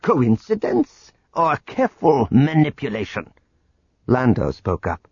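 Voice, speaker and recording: Husky expressive male audiobook narrator. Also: mid-range voice, measured pace, no echo, muffled recording. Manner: expressive, performs all the characters. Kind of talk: scripted narration.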